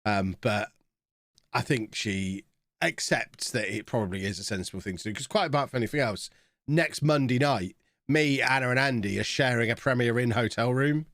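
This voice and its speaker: A man's voice: medium pitch, normal speed, a bit bright, no room sound, clean studio sound. Chatty man streaming a game. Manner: chatty, reacting to the game as it plays. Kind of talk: casual live-stream chat.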